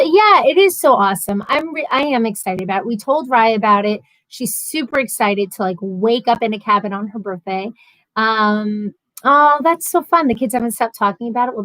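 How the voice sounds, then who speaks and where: On a rough, dry recording, a livestream host in her thirties chats from home and reads viewer comments. Her slightly high, somewhat bright voice keeps a moderate pace, and she rambles with lots of ums, restarts and self-corrections.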